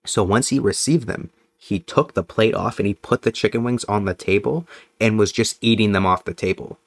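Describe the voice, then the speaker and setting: A young man in casual podcast chat, excitable and slangy, often repeating himself. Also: lowish voice, moderate pace, no room sound. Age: young adult. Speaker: podcast co-host.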